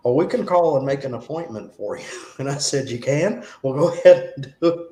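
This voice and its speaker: A man hosting a casual chat with friends, animated as he tells stories and mimics call-center voices. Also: medium pitch, a little fast. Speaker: host. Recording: roomy with faint background hum.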